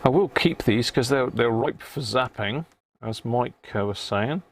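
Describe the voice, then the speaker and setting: A man's voice: medium pitch, animated, unhurried, slight background noise. Chatty man live-streaming radio repairs. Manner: chatty, answers live chat, mutters while testing parts. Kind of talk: casual live-stream chat while working.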